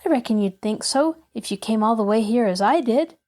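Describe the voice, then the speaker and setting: A woman's voice: on the high side, lively intonation, fairly quick, darkish tone, lightly acted. A woman reading a storybook aloud, voicing an eager, cheerful little girl who chatters on.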